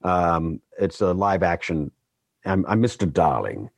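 A middle-aged man with a low voice talks loosely about his acting work, rambling and self-deprecating. The sound is dry and close, with no room around it. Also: lively intonation, unhurried, creaky, no echo. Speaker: voice actor guest. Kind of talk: casual podcast chat.

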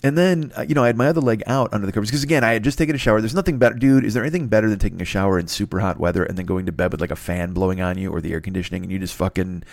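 Middle-aged guy, lowish voice, rambling cussing story, dry close mic. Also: rapid-fire, vocal fry, few pauses, dry recording. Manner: profane, rambling, excitable. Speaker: podcast host. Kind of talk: casual storytelling.

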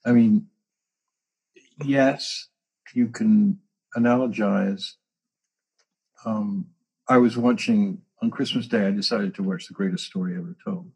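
A man with a gravelly, very raspy voice telling stories with animated, dramatic asides in a casual spiritual conversation. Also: fairly low pitch, unhurried, long pauses.

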